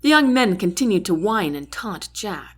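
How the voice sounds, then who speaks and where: Lively woman reading a novel aloud. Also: normal speed, breathy edge. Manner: lively, shifts pitch and loudness for each character. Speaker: audiobook reader. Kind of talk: first-person novel narration with character voices.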